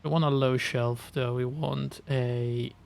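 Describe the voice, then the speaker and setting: A man's voice: medium pitch, steady tone, slow, creaky, a little mellow. A young man streaming a game live, chatting casually, thinking aloud, trailing off and chuckling often.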